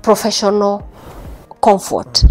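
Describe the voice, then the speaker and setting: A woman's voice: medium pitch, expressive, takes it slowly, darkish tone, soft background music. A woman, a marriage counselor giving earnest, instructive advice on a talk show and repeating phrases for emphasis.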